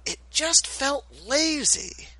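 A man's voice: very high-pitched, animated, slow, sharp tone. A man co-hosting a podcast in casual chat, sarcastic and mock-indignant. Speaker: podcast co-host.

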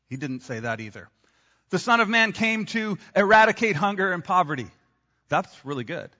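A man's voice: high-pitched, sharp tone, big-room sound, muffled recording. A man preaching a sermon as a pastor, talking in a conversational way with asides to the congregation.

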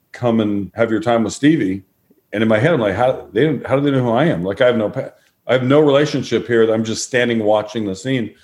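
A middle-aged man, a former sports broadcaster, telling relaxed anecdotes as a podcast guest and acting out quotes. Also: mid-range voice. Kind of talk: storytelling in a podcast interview.

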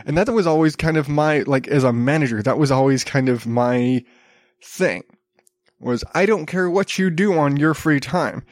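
A man in his thirties with a slightly high voice hosts a casual podcast on his own, rambling through news stories with wry asides and small restarts. He sounds a little under the weather. The recording is dry and close, with no room sound. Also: normal speed, no echo. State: slightly sick, coughing. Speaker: podcast host.

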